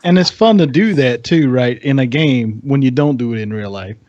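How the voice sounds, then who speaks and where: A man's voice: mid-range voice, animated, normal speed, darkish tone, dry recording. A man chatting on a gaming podcast in an easygoing way, often laughing, on dull lo-fi audio. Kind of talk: casual chat.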